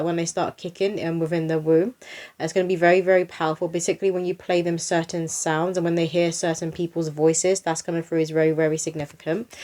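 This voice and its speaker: Young woman, psychic reading host, slightly low voice, chatty. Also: dark tone. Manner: chatty and flowing, reads rhyming poems aloud. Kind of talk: card reading to camera.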